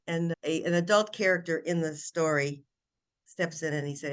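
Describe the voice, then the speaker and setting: An older woman, a children's author, chatting in an interview and retelling her story in an animated way with frequent restarts. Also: sits low, moderate pace. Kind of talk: casual interview chat.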